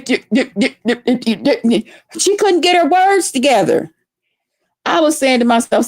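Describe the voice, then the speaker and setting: A fairly high-voiced woman tells a story in a slow, drawn-out rant, swearing freely and playing it up for her viewers. The sound is close and dry, with no room around her. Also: dry recording. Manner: profane, animated, dramatic. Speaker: vlogger.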